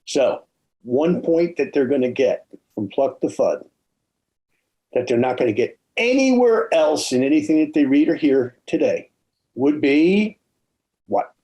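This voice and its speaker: A man hosting a podcast interview, telling stories in an animated way and often checking in with "okay?" and "right?". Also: medium pitch, measured pace, low-quality recording. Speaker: podcast host. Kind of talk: casual storytelling interview.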